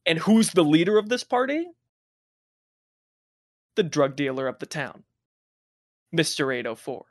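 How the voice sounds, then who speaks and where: A young man with a slightly high voice tells a rambling party story, swearing and laughing as he goes. The sound is dry and close, with no room around him. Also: a little slow, no echo. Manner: profane, laughing, animated anecdote telling. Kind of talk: casual storytelling chat.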